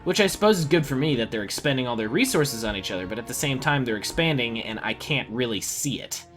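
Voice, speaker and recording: Man, gameplay commentary, bright tone, lively swings in pitch, exasperated. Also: quick pace, faint music behind. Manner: animated, talks to the game, exasperated outbursts. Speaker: let's play gamer.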